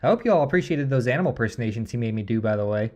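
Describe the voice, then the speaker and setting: A man's voice: medium pitch, animated, very fast, a little mellow. A man hosting a podcast, talking in a playful, joking way before turning reflective. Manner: playful, jokey, then reflective. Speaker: podcast host. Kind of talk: casual podcast commentary.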